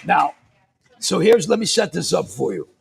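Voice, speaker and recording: A man hosting a live show, voice pitched high for his sex and rough with a heavy gravelly fry. He shouts out hype and banter in a rowdy way and makes jokes at his own expense. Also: animated, normal speed, a little hiss or hum. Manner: hyped, rowdy and self-deprecating. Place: roadside bar.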